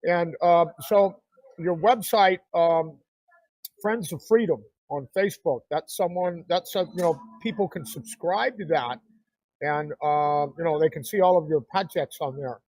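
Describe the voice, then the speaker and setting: A man's voice: a little high, unhurried, darkish tone, dry recording, poor audio. A man hosting a talk show, chatting casually with a guest and rambling through promotions with many fillers. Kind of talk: casual interview chat.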